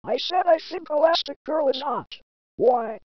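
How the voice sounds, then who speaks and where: A woman's voice: high voice, lively intonation, a little slow, no echo. A woman voicing Tails, a cheerful young fox. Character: young male fox sidekick, easygoing. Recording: dry, dull lo-fi home recording.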